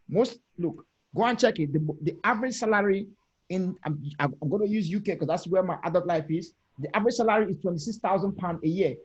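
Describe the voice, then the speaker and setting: A man's voice: high voice, a little mellow. A man arguing his point on a video panel discussion, emphatic and direct, often repeating phrases and challenging listeners. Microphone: video call.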